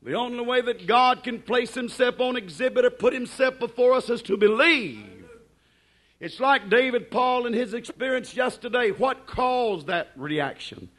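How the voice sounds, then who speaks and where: A man preaching a sermon, fervent and drawn out, swinging between loud declarations and hushed asides. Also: very high-pitched, lively intonation, normal speed.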